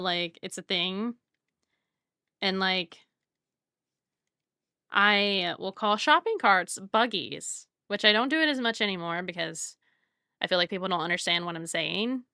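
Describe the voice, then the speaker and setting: A woman's voice: lowish voice, pushed and bright, clear, resonant tone, dry recording, studio quality. A woman from the Southern United States, chatting casually while she draws on a live stream. She rambles and often laughs. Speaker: art streamer.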